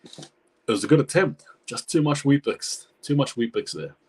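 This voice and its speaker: A man's voice: mid-range voice, moderate pace, husky. A man giving chatty live reaction commentary on a rugby league match, talking to his viewers. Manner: chatty, excitable, talks to viewers.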